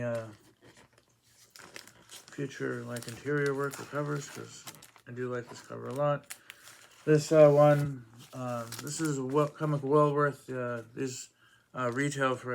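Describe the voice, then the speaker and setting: A man's voice: medium pitch, gravelly, slight background noise. A man casually reviewing comic books, rambling with many fillers and acting out quoted lines in a raised voice.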